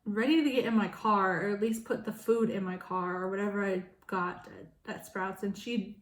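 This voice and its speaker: Frank and swearing freely, this young vlogger shares a personal story, laughing between lines and voicing quoted people in abrupt loud, high outbursts. She speaks at normal speed with fairly even intonation, and the sound is roomy.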